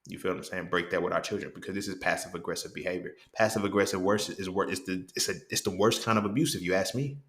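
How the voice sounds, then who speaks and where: A man's voice: low-pitched, steady tone, quick pace, few pauses, a bit bright. A man hosting a casual monologue, blunt and profane, who keeps checking in with the listener. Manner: blunt and profane, keeps asking "you feel what I'm saying?". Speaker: host. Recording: roomy echo.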